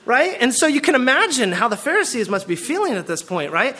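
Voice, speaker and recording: A man from the Pacific Northwest of the US preaching a sermon as a pastor, animated and full of rhetorical questions. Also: extremely high pitch, fairly quick.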